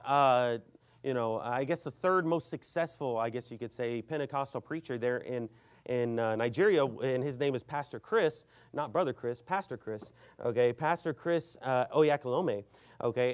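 A man preaching a sermon, telling an argument story with lively acted-out quotes and reading scripture aloud. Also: mid-range voice. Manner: animated storytelling, acts out both sides of an argument; reads scripture aloud in King James wording. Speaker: pastor.

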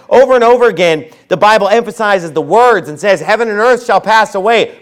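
Preaching a fiery sermon from the pulpit, a high-voiced male pastor shifts from low, quiet asides to loud outbursts. Whenever he quotes scripture, he slows down hard.

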